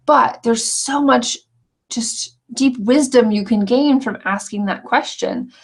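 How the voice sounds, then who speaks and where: A woman teaching an online scrapbooking course, walking through the lessons in an earnest, chatty way with frequent restarts. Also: medium pitch. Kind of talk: casual walkthrough of course lessons.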